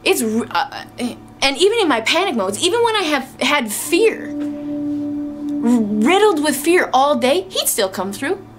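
Emotional high-voiced woman giving testimony. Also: big pitch swings, a little slow. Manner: emotional, exclamatory, tearful at moments. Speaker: Christian speaker sharing testimony. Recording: music underneath.

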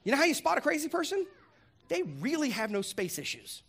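Animated man preaching a sermon. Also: very high-pitched, fairly quick, a little hiss or hum. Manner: animated, humorous, acts out voices. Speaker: pastor.

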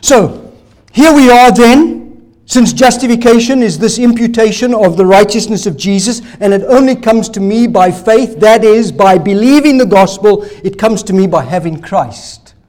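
A male pastor preaching a sermon, emphatic, asking rhetorical questions and swinging between loud declarations and soft asides. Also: high voice, normal speed.

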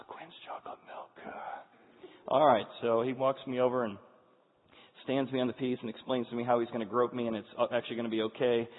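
A man's voice: medium pitch, little pitch movement, fast, a little hiss or hum. A man in his forties speaks to an audience, telling an earnest personal story with frequent restarts. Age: 40s. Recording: tinny, echoey hall sound.

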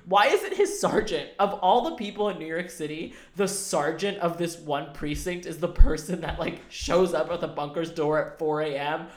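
Woman co-host, animated and profane, echoey room sound. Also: deep voice, moderate pace, few pauses. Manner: animated, profane, laughs often, acts out quotes. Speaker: podcast co-host. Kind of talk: casual chat about a TV show. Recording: roomy echo.

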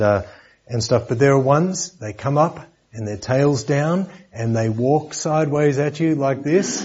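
Husky man preaching. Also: medium pitch, darkish tone, dull audio. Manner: conversational, joking asides, repeats words. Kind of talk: sermon lesson.

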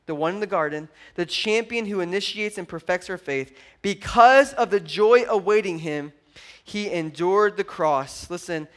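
High-voiced animated preacher man. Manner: animated storytelling, acts out his daughter's voice. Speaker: pastor. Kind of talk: sermon.

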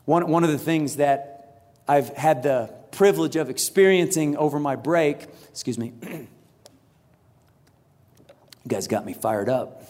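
Man in his thirties, pastor preaching, slightly high-pitched voice, animated storytelling, big hall reverb. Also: measured pace, pauses often. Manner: animated storytelling, acts out quotes. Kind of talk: sermon. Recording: large hall with long reverb.

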